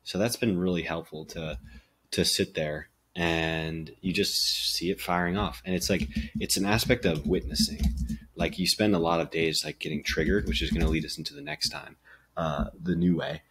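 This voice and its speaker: A man's voice: low-pitched, normal speed, a bit bright, slight background noise. Young male vlogger, bottom-of-the-range voice, casual and rambling, self-deprecating. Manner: meandering, many fillers, self-deprecating. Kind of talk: casual reflective monologue.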